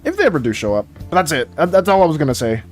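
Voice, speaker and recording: A man's voice: a little high, big pitch swings, rapid-fire, a little mellow, faint music behind. A man streaming while he draws, chatting casually with viewers, laughing often and repeating himself. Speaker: art streamer. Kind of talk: casual livestream chat while drawing.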